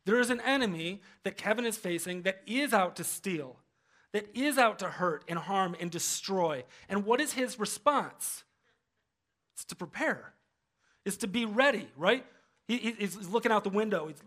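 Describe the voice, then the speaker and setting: A man preaching a sermon as pastor, animated and humorous, acting out quoted voices. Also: sits high, moderate pace.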